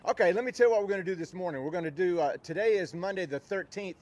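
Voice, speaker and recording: Fitness guy counting reps outside, kinda high voice, loud and chatty, little windscreen mic on his visor. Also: rapid-fire. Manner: loud drill-style counting, chatty asides. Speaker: fitness instructor. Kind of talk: live-streamed outdoor workout class. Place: outdoors on a windy day. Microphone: visor-mounted mic with fuzzy windscreen.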